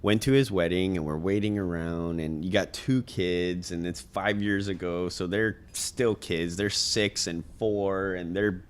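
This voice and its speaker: A man's voice: low voice, steady tone, measured pace, hardly any pauses, clean tone. A man in his thirties, a podcast guest, telling a heartfelt personal story in an earnest way with many ums and uhs.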